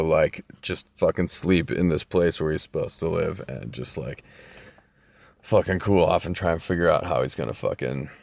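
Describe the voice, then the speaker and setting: A man's voice: extremely low pitch, gravelly, no echo, clean studio sound. A man casually recapping a story, loose and profane, with lots of fillers.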